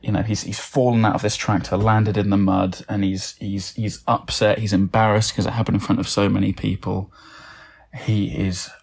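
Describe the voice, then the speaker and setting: A man's voice: fairly low pitch, flat delivery, normal speed, gravelly, breathy edge. A man improvising a comic story, rambling with lots of fillers and restarts.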